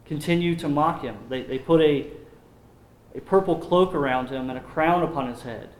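A man preaching a sermon, slowing down when he reads scripture aloud. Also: fairly high pitch, a little mellow, roomy sound. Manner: slows down to read scripture aloud.

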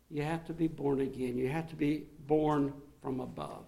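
A man preaching a sermon to his congregation, swinging between emphatic raised passages and quiet, low asides. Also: fairly even intonation, normal speed, creaky. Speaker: pastor.

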